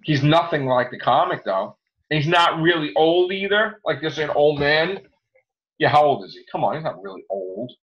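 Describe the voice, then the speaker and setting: A man's voice: on the high side, animated, normal speed. A man hosting a casual movie chat, rambling through critical opinions with many fillers. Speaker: podcast host. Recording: dull lo-fi recording.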